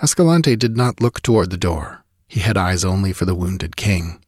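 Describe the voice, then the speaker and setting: A man's voice: deep voice, animated, normal speed, a little mellow, husky, no room sound, studio quality. A man narrating a sword-and-sorcery audiobook with vivid, driving storytelling.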